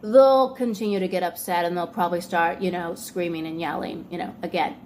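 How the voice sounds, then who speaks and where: A woman's voice: lowish voice, steady tone, a little fast, a little mellow, a little hiss or hum. A woman hosting a video, explaining in a casual, conversational way with many fillers and acting out example lines. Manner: conversational, filler-heavy, acts out example dialogue. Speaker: video host.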